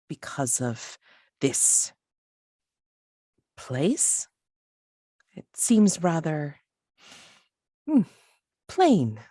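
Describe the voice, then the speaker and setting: A woman voicing a lofty, curious Olympian goddess who muses slowly and hums thoughtfully. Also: deep voice, mellow, slightly rough, no room sound, clean studio sound, heavily acted. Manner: slow, musing, with thoughtful hums. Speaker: game master. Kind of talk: voicing a figure in a tabletop game.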